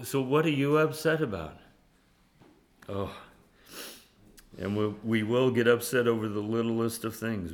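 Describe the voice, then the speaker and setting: A man teaching a conversational sermon who reads scripture aloud and laughs often, animated and self-mocking. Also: medium pitch. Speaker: Bible teacher.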